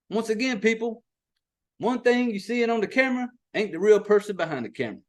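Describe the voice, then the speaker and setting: A middle-aged man, exasperatedly recapping a movie in a profane, animated podcast rant. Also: high voice, fast. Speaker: podcast host.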